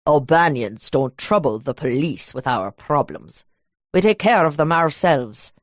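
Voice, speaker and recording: A cold, menacing Irish mobster man with a deep, low, measured voice, as a woman narrator drops her pitch to play him. He speaks slowly, with clipped control, in an audiobook scene. The recording is dull and lo-fi, completely dry. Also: lively intonation, dry recording. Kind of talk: audiobook character voice.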